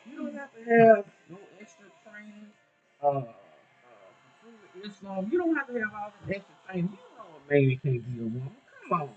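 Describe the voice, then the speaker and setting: Man, high voice, lively rising and falling pitch, husky, preachy and insistent, dull lo-fi recording. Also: moderate pace. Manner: preachy, emphatic, repetitive. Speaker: minister. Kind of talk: casual talk show discussion.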